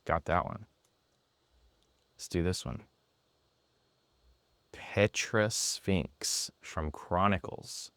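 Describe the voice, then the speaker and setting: A man presenting an app in a product demo, talking excitedly and a bit sarcastically in an indoor room. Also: low voice, very slow, vocal fry, pauses often, no room sound.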